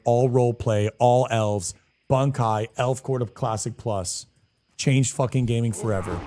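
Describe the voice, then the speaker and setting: Animated man streaming to his chat. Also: medium pitch, slight background noise. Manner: animated, slangy, talks back to chat. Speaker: streamer and guild leader. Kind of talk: casual live-stream chat with viewers.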